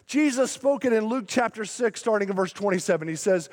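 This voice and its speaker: A male pastor preaching a sermon in a church, emphatic and slowing down to stretch out key words. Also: high-pitched, expressive. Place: church sanctuary. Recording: long hall reverb in a large sanctuary.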